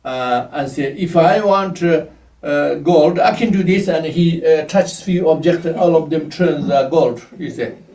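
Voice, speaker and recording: A man whose first language is Tibetan, giving a Buddhist teaching in halting English and often stopping to search for words. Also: fairly high pitch, darkish tone, roomy sound, far from the mic. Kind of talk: dharma teaching.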